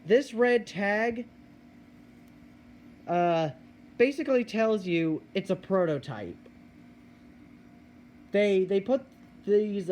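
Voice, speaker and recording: Slow, hesitant man reviewing a collectible. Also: high voice, darkish tone, slight background noise. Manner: unhurried, hesitant, with many filler words. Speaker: collector reviewing a Halloween animatronic. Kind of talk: casual product review.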